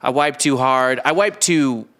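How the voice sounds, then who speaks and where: A man riffs crudely through casual podcast banter. His voice sits at a middle pitch and often drops to a mumble at the ends of lines. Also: lively intonation, a little slow, fairly bright tone. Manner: crude, joking, trails off into mumbles. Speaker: podcast co-host. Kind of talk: casual comedic chat.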